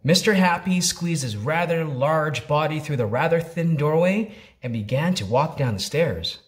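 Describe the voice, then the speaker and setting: Lively storyteller man reading aloud. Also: fairly high pitch, normal speed, breathy edge. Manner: expressive, playful with repetition.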